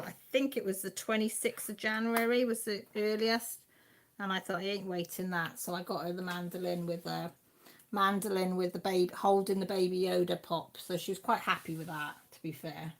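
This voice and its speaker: A woman's voice: lowish voice, creaky. Chatty Welsh woman with a Radnorshire twang. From Wales, Radnorshire. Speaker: livestream host. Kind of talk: casual chat reading out live comments.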